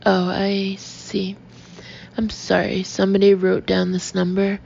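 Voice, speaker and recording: A nasal, stuffed-up man stumbles through an awkward phone call, hesitant and apologetic, read by a woman in an audiobook. The delivery is slow, gravelly and flat. The sound is slightly dull with faint hiss. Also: mid-range voice. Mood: flustered. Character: flustered male traveler with a head cold.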